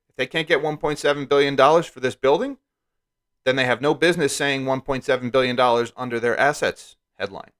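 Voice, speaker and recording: A man's voice: mid-range voice, fairly bright tone. Guy from rural pennsylvania doing a chatty finance livestream, keeps saying right?, reads headlines out. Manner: chatty, asks listeners "right?" often; reads news headlines aloud. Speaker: live stream host. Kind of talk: casual market commentary live stream.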